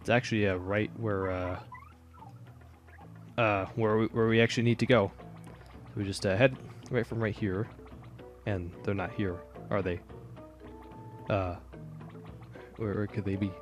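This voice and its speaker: A man's voice: lowish voice, steady tone, a little slow, long pauses, soft background music. A man with a slight Southern US accent giving casual, rambling commentary over a game playthrough. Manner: rambling, many fillers and restarts. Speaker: let's player.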